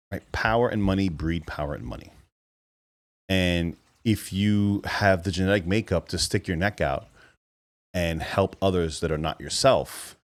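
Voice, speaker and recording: Deep-voiced man musing between clips. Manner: hesitant, many fillers and restarts. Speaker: reaction channel host. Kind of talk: casual commentary on a played clip.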